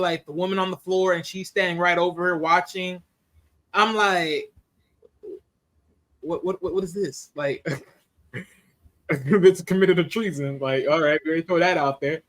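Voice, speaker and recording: A man giving a casual, animated movie review. He laughs often and acts out scenes in different voices. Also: sits high.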